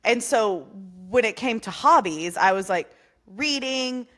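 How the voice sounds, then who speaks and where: A woman's voice: fairly high pitch, lively intonation, measured pace, fairly bright tone. A woman co-hosting a podcast in casual chat, telling stories in an easygoing way on a video call. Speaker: podcast co-host.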